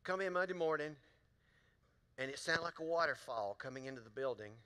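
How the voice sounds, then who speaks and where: A male pastor speaks fairly quickly in a slightly high voice, with lively intonation and a bright, forceful, smooth tone. He tells folksy stories and engages the crowd with questions, in a large church auditorium full of long hall reverb.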